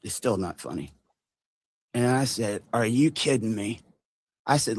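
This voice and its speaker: A man telling a long story on a livestream, animated and mimicking the people in it. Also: on the low side, a little slow, slightly rough, no echo, clean studio sound. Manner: animated retelling, mimics others' voices.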